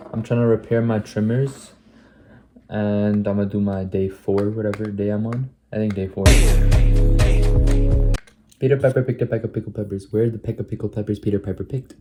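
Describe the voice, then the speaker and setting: A man's voice: on the low side, little pitch movement, fairly quick, warm tone. A young man in a casual vlog, chatting and reciting tongue twisters, often tripping and starting over. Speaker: vlogger. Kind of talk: casual self-recorded practice vlog.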